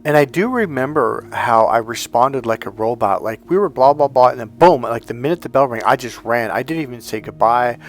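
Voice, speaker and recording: A man's voice: medium pitch, lively intonation, brisk, few pauses, slight background noise. A man working as a life coach, telling a personal story in a reflective, conversational way with restarts and fillers.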